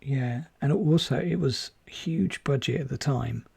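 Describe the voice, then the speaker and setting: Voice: medium pitch, measured pace, creaky, dark tone, husky. A co-host of a casual film watch-along, making wry remarks about the movie. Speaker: podcast co-host.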